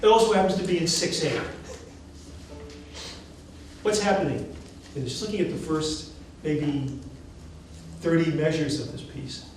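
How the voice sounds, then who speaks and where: Guy teaching a music class, kinda high voice, quizzing students, sounds far off in a really echoey room. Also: unhurried, long pauses, slight background noise. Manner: quizzing students, animated and encouraging. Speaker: music professor. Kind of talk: classroom lecture with questions to students.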